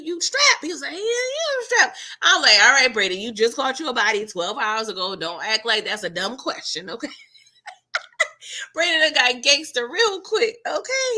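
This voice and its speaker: A woman hosting a casual TV episode recap, playful and animated, laughing often and acting out the characters' lines. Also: fairly high pitch. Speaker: TV recap host.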